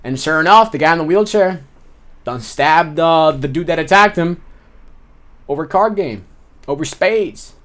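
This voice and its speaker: Man, slangy, lively storyteller, fairly high voice. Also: unhurried, pauses often. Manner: street slang, animated retelling with repeated phrases. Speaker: former inmate telling stories. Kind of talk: casual storytelling.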